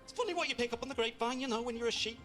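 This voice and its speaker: A man's voice: extremely high pitch, rapid-fire. A man voicing a cheeky, gossipy sheep puppet with a Liverpool accent, in a clip played over music. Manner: cheeky, chatty.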